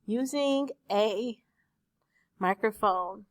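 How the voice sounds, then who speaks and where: A woman speech teacher recording a lecture for her class on a desktop microphone, explaining terms slowly with examples. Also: medium pitch, no room sound. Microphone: desktop USB microphone.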